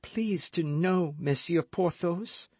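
A man voicing a proud, middle-aged lawyer's wife who talks in a piqued, pleading way, raising his voice well above its usual pitch. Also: slow, slightly rough, no room sound.

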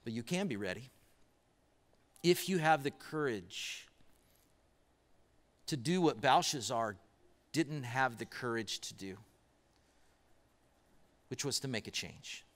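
An animated pastor with a medium-pitched, fairly bright voice gives a sermon in a church auditorium, the sound echoing with hall reverb. He weaves a story, pausing often and repeatedly asking the congregation rhetorical questions.

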